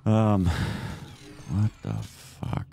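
A man's voice: fairly low pitch, very slow, dark tone, slight background noise. A man hosting a let's-play, reacting with profane, jumpy commentary. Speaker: gaming host.

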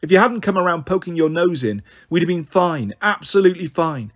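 Hurt defiant little schoolgirl, as a male reader puts her on, snapping back, a bit husky, pitched a touch high. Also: expressive, a little fast. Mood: distressed. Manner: hurt, sharp retorts. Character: upset defiant young schoolgirl.

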